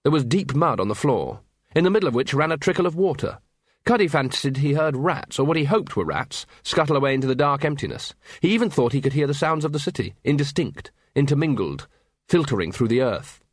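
A man reading a fantasy audiobook in steady scripted narration. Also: medium pitch, a little fast, slightly rough, no echo, studio quality.

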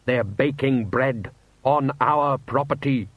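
A man's voice: medium pitch, slow pace, dry recording, highs cut off. A man voicing a stubborn, grumpy father who blusters and grumbles. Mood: grumbling. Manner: gruff, blustering.

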